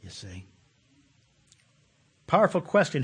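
Husky-voiced man preaching a lively sermon. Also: a little high, moderate pace, long pauses. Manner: conversational, animated, laughs often; repeats words when starting sentences. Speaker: pastor.

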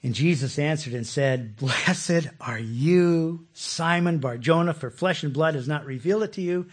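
A man preaching a conversational sermon, animated and laughing often, repeating words as he starts sentences. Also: fairly high pitch, a little fast, breathy edge. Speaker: pastor.

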